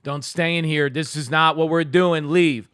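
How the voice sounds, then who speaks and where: Bright, laughing comedian telling a story. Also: male voice, on the high side, normal speed, clear, resonant tone, dry recording, clean studio sound. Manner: animated, acts out his own quoted lines. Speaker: podcast co-host.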